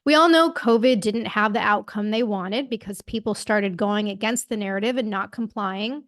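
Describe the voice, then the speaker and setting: A woman's voice: mid-range voice, normal speed, a bit bright, no room sound, studio quality. A woman co-hosting a podcast, talking outspokenly and sarcastically in casual commentary. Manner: outspoken, sarcastic, laughs at own slips. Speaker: podcast co-host.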